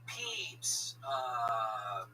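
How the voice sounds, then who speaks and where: A man in casual, crude comedic banter, swearing often, giggling and talking in mock excitement. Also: medium pitch, drawn-out words. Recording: distant mic with loud music.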